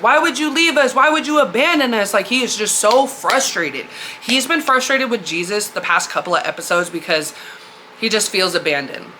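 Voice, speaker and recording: A woman hosts a podcast, candidly retelling a story in slangy, conversational casual spiritual storytelling. Her voice is fairly low-pitched yet bright, with a forceful tone and slight background noise.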